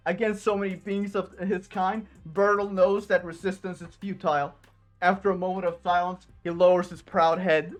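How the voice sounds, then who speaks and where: A woman streamer reading a game's story text aloud in a plain, steady way. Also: fairly low pitch, moderate pace, soft background music.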